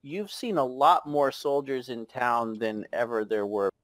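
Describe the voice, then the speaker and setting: Guy running a tabletop game, slow and halting, dry close sound. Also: medium pitch, fairly bright tone, dry recording. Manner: halting, many fillers and restarts, chuckling. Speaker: game master.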